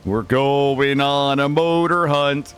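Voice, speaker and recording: Streaming a game over faint background music, this man speaks in a smooth, mid-range voice and takes his time. His talk is casual and rambling, full of lively stories and free swearing, and he greets people in chat by name while playing.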